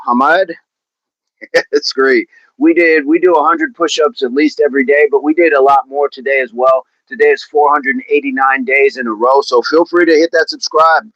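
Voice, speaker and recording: A man's voice: fairly high pitch, fairly bright tone, no echo. A man hosting a daily fitness livestream, chatting casually while stretching and reading viewer comments aloud in a playful way. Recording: dull lo-fi sound, dry.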